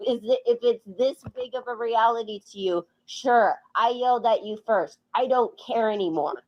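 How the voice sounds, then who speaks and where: High-voiced woman pleading, lo-fi. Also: normal speed. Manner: pleading, defensive. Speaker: partner in an argument. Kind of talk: pleading during a domestic argument.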